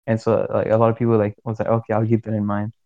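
A man's voice: fairly low pitch, monotone, rapid-fire, no room sound, narrow, tinny audio. A young man co-hosting a podcast, recalling a trip in casual, laid-back chat full of "bro" and "like". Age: young adult. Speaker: podcast co-host.

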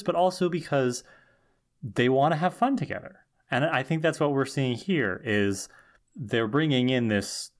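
Enthusiastic man co-hosting a podcast. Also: mid-range voice. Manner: relaxed, enthusiastic, thinks aloud. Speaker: podcast co-host. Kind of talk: casual discussion chat.

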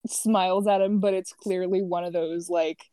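A woman's voice: fairly low pitch, steady tone, moderate pace, dark tone, no echo. A woman playing in a tabletop role-playing game, blunt in her remarks. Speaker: player.

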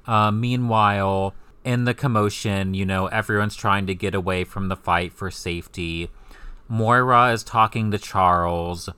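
A man co-hosting a casual comic-book podcast, relaxed and wry as he steers the talk. His voice is lowish, smooth and bright. It is recorded close on a dry mic. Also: a little slow, dry recording. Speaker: podcast co-host.

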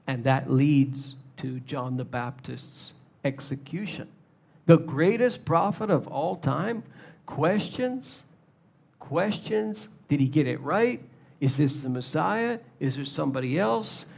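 A man preaching a sermon, animated, acting out little scenes in shifting voices. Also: on the high side, slow, gravelly. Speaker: pastor.

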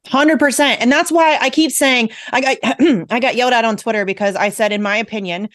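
A woman's voice: fairly high pitch, brisk, a bit bright, no room sound, studio quality. A woman hosting a political talk radio show, speaking emphatically and with strong opinions.

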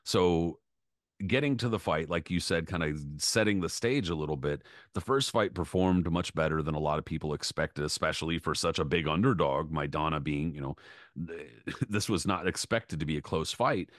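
A man's voice: a bass voice, normal speed, no echo, studio quality. A young man co-hosting a podcast, ranting in casual chat and swearing freely, with "bro" and "dude" thrown in. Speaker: podcast co-host.

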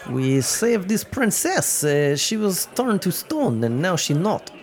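A man speaks as his character in a tabletop game, in a high and lively voice. His wording is formal and stilted, as if English were not the character's own. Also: slow. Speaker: player.

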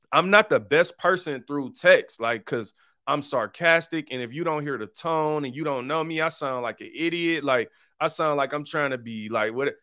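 A man hosting his own podcast in a casual, animated, preachy monologue full of slang. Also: mid-range voice, no echo, clean studio sound. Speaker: podcast host.

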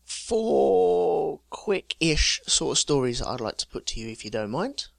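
A man's voice: on the high side, sing-song, measured pace, vocal fry, no echo. Male co-host, jokey storyteller, dry close-mic sound. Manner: jokey storyteller, reading out news items with chuckles. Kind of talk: casual chat.

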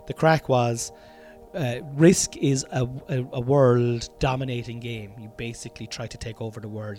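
An Irish man talks through his podcast in a loose, meandering way, restarting sentences and dropping swear words as he goes. His pitch sits in the middle for a man. Faint music plays somewhere behind him. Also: a little mellow. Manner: rambling, self-interrupting, sweary and chatty. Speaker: podcast host. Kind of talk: casual solo podcast monologue. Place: room at home.

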